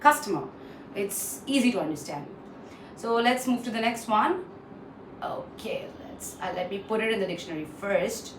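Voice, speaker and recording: A woman trainer walks through word pronunciations and repeats each one for drill. She pauses often with "uh". Her voice sits slightly off-mic in a roomy space with a faint hiss behind it. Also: mid-range voice, animated, recorded from a distance. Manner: frequent "uh" fillers. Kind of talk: online pronunciation lesson.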